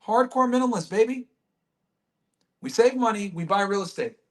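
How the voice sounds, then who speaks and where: A man's voice: high-pitched, normal speed. A man hosting a livestream, talking to his chat in a brash, crude way with lots of swearing. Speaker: livestream host.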